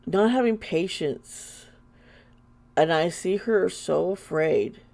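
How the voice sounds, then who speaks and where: A woman's voice: lowish voice, slow pace, gravelly, darkish tone. A woman doing an intuitive tarot reading for her vlog, earnest and emotional, often trailing off mid-sentence. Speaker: tarot reader.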